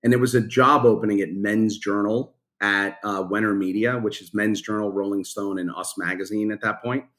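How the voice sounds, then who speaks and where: Fifties guy, founder type, lively blunt storyteller, salty casual talk. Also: lowish voice, moderate pace, few pauses. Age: 50s. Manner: animated, casual and blunt, swears freely. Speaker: company founder, guest. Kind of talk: storytelling in a podcast interview.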